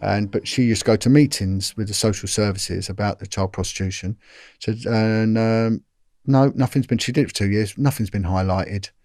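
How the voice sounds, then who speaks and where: Earnest man, low voice. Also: darkish tone, no room sound, clean studio sound, faint music behind. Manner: earnest and grave, halting with frequent restarts and repetitions. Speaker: former police officer. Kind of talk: recounting testimony in an interview.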